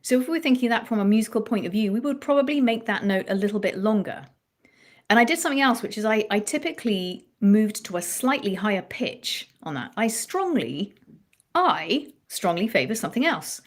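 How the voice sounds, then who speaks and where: A woman's voice: medium pitch, animated, fairly quick. A woman songwriting coach explaining melody writing in a thoughtful live-stream chat, often restarting her phrases.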